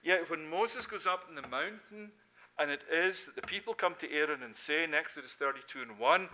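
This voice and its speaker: A Scottish man in middle age delivering a sermon with a bright, ringing tone and a fairly high voice for a man. He preaches earnestly, pressing hard on key words before dropping back to a quieter register. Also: a little fast. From Scotland. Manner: earnest, rising to emphatic peaks then dropping low.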